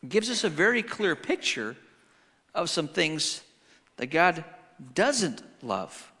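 A middle-aged man preaching a sermon, telling family stories and swinging between hushed and loud. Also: on the high side, very animated, slow, slightly rough. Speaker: pastor. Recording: long hall reverb.

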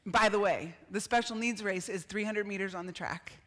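A middle-aged woman giving an animated storytelling sermon, acting out quotes with laughs and shouts. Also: mid-range voice, moderate pace, big-room sound. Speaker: speaker at a church gathering.

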